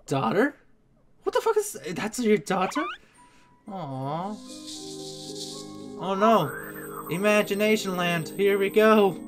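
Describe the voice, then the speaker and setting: A host giving casual reaction commentary, letting the pitch swing widely while keeping an unhurried pace. The voice is excitable and quick to exclaim. Background music plays clearly behind.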